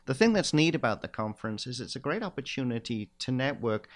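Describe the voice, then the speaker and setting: A man's voice: mid-range voice, big pitch swings, fast, no room sound. A man hosting a radio show, asking questions in a plain, conversational way from a hotel room set up as a mobile studio. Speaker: radio host. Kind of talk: radio interview.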